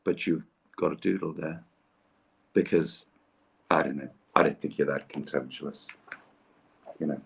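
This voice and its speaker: A very deep, creaky, slightly rough voice belongs to an English voice actor chatting over a livestream as he signs autographs. He speaks at a measured pace with frequent pauses, in a playful, theatrical, explanatory way.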